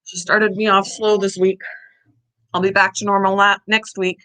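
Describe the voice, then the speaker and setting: A bright-voiced middle-aged woman talks casually to her viewers, a little out of breath. She chats loosely and slips into a high, cooing voice when she calls her pets. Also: flat delivery, normal speed, low-quality recording. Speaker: pet channel host. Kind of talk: casual live-stream chat.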